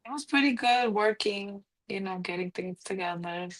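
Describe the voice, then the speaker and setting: A woman co-hosts a casual podcast and chats with a laid-back, slangy ease. Her voice sits at an ordinary middle pitch and stays relaxed. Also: moderate pace, rough recording. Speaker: podcast co-host. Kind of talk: casual chat.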